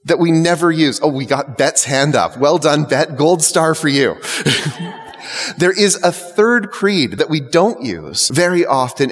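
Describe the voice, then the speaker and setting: Male preacher, sermon, lively rising-falling delivery, fairly high voice, long church reverb. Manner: conversational, lightly humorous. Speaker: clergy, preacher.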